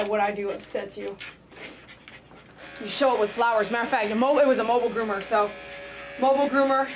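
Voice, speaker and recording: A woman with a fairly high voice chats emotionally to her viewers as she grooms a dog. The steady buzz of clippers hums behind her in the salon. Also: background noise. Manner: emotional, heartfelt, says "man" often. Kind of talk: casual vlog talk while grooming.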